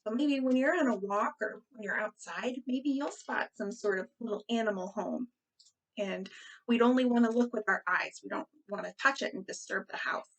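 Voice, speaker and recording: A woman children's librarian leading a storytime with a gentle, encouraging, sing-song way of talking to young children. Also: on the high side, moderate pace.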